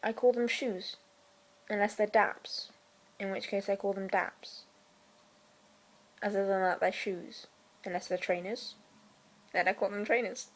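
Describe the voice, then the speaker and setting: A young woman from South Wales with a Welsh accent, chatting casually through a question list with deadpan, dry humour and quiet whispered asides. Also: mid-range voice, measured pace, long pauses, poor audio. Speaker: vlogger. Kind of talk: casual chat.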